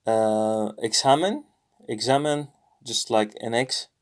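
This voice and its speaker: A man with a British accent walks through a language lesson out loud, thinking as he goes, pausing often and correcting himself. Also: mid-range voice. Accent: British English. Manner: thinking aloud, explains patiently with many pauses and self-corrections. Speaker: language learner sharing lessons. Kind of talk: screen-recorded lesson walkthrough.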